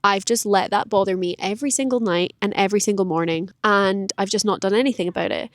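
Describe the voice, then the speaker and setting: A woman's voice: mid-range voice, fast, dry recording, clean studio sound. A woman, rambling candidly and self-deprecatingly in a personal vlog. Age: late 20s. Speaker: vlogger. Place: outdoors in a park.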